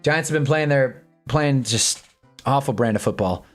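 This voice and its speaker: A young man casually reacting to live football games on a stream, swinging from low muttering to excited yelling at big plays. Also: moderate pace, faint music behind. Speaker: sports streamer. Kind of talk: live football watch-along commentary. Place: home streaming room with green screen.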